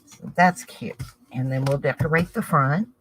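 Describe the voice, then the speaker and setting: A woman's voice: low-pitched, normal speed, a bit bright, a little hiss or hum, poor audio. A woman with a Southern US accent chatting casually to viewers, rambling and thinking aloud as she works on a craft project. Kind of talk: casual crafting chat to camera.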